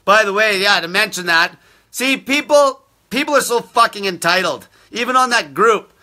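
Foul-mouthed bright-voiced male ranter. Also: sits high, lively intonation, normal speed. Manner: aggressive, constant swearing, insulting viewers. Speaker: fasting diet coach hosting a live show. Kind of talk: profane live-stream rant.

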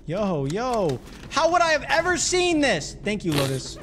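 A young adult streamer giving live gameplay commentary, excitable and jumpy, swearing often. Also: mid-range voice, measured pace. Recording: noisy background.

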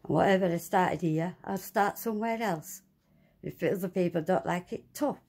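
A woman ranting angrily and swearing, talking to her viewers from inside her flat. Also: lowish voice, moderate pace, breathy edge. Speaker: vlogger. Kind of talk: angry monologue to camera.

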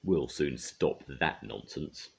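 A man voicing a polite, proud little steam engine in a storybook reading, speaking calmly. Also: extremely low pitch, slow pace, vocal fry, slightly rough, full character voice. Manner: polite and calm.

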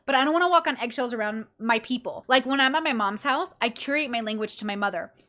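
Animated, high-voiced woman podcaster. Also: quick pace. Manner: animated, acts out quoted friends, swears casually. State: tired. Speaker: podcast host. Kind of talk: casual podcast monologue.

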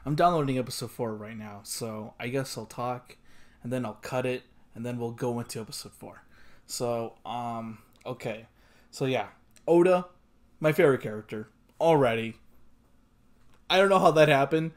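A man's voice: medium pitch, moderate pace, a little mellow. A young man hosting an anime reaction, exclaiming and swearing, often repeating himself in disbelief. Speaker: anime reaction channel host. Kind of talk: emotional anime reaction commentary.

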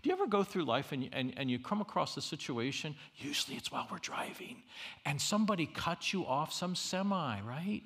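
A middle-aged man preaches with a gravelly, bright-edged voice. He is animated and humorous, punching some lines loudly and dropping others to near-hushed asides. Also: on the high side, a little fast. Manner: animated, swings from loud emphasis to quiet asides; humorous storytelling. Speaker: university chapel speaker. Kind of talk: preached sermon.

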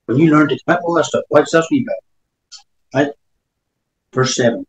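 A man's voice: fairly high pitch, normal speed, long pauses, echoey room, poor audio. A man preaching a sermon, reading scripture aloud between emphatic remarks.

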